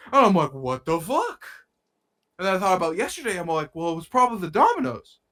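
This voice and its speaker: A young man co-hosts a casual podcast, telling a rambling story full of slang and swearing. His pitch leaps and swoops all over the place, and his nose sounds a little stuffy from a cold. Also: sing-song, very fast, bright, forceful tone. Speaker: podcast co-host. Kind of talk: casual chat.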